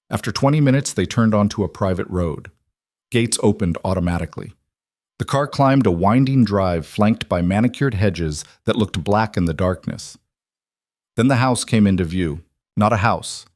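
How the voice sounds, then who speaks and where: A man with a low voice reads a dark story in a measured, steady way. The sound is dry and close, with nothing of the room in it. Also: no echo. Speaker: narrator. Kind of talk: scripted story narration.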